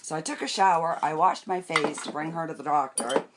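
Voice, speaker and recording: An older woman with a low, deep-set voice talks casually on a makeup live stream. She rambles about her day and greets viewers by name as they join. She keeps talking while she wipes her face and works on her makeup. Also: brisk, very noisy. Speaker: makeup vlogger.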